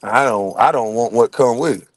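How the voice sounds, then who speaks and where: A man's voice: medium pitch, normal speed, no echo. A middle-aged man telling funny, profane stories as he reacts to chat, laughing often. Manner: laughing, profane, animated storyteller. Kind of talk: casual profane storytelling.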